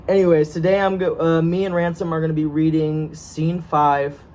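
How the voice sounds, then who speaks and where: A man's voice: fairly high pitch, flat delivery, normal speed, a little mellow. A young American man chatting casually before a script reading, joking, laughing often and tripping over his words. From United States. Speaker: co-host of a script reading video. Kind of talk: casual banter. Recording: faint room noise.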